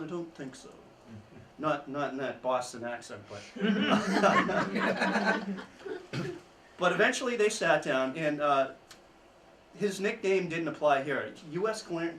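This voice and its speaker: A man giving an informal history talk to an audience, telling the story with chuckling asides and lively emphasis. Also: fairly high pitch. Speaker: history speaker. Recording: echoey room, mic at a distance, faint background noise.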